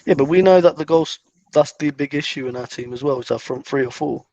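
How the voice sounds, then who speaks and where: A man chats through a football watch-along in loose, rambling sentences full of "like." His voice sits slightly high. The call audio is dry and dull. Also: fairly quick, darkish tone, no room sound. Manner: rambling, frequent "like". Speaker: fan show co-host.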